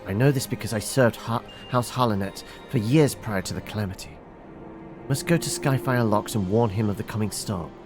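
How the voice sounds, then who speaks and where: A man's voice: fairly low pitch, normal speed, music in the background, close to an everyday voice. A man voicing a loyal, secretive male knight in a fantasy game, talking in an urgent, confiding way.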